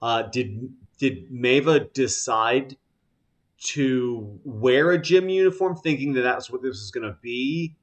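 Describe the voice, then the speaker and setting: A man narrating a tabletop game as game master, slow and halting with many filler sounds. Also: medium pitch.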